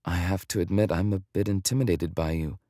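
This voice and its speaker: A man's voice: low-pitched, fairly even intonation, a little fast, dark tone, no room sound, studio quality, natural voice. A man voicing a candid, self-conscious young woman student who blurts things out nervously. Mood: earnest.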